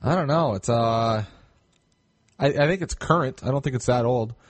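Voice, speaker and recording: A man's voice: medium pitch, moderate pace, no room sound. A man joking and rambling as a panelist on a casual podcast. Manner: rambling and joking, with animated intonation.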